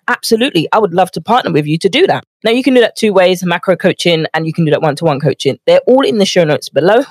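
A woman's voice: fairly low pitch, a little mellow, no room sound. A woman, a nutrition coach hosting a motivational podcast from her home office. She is chatty and acts out quoted voices, a little out of breath from walking on a treadmill pad.

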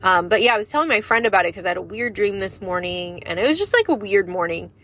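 A woman's voice: medium pitch, expressive, fast talker, fairly bright tone. Woman vlogger, candid monologue; frank, earnest, rambling, casual swearing. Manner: emotional and earnest. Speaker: lash business owner and vlogger.

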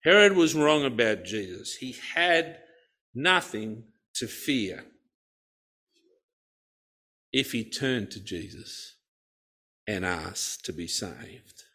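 A man giving a Bible study talk, expressive, with playful asides. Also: mid-range voice, takes it slowly, pauses often. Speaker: Bible teacher.

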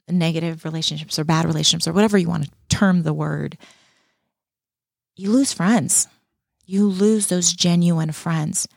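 A woman's voice: fairly low pitch, vocal fry, darkish tone, no room sound, clean studio sound. A middle-aged woman speaking as a guest in an interview, earnest and heartfelt, repeating key words for emphasis. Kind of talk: reflective personal interview talk.

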